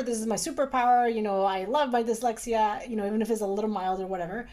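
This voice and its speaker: Middle-aged woman, doctor guest, chatty and animated, higher voice. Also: fast, hardly any pauses. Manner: chatty, animated, many fillers. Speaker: urologist, guest. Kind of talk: casual conversation.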